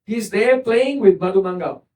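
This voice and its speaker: A man playing a proud young cowherd girl in a retold sacred story, answering with a quiet boast. His own warm, high voice carries her, heard from some distance from the mic. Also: normal speed, natural voice. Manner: proud, defensive.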